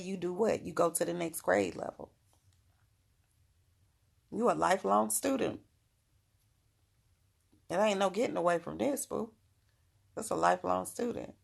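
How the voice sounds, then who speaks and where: A woman's voice: on the low side, vocal fry, slightly rough. A middle-aged woman giving frank, motherly spiritual advice in a casual livestream talk, laughing often.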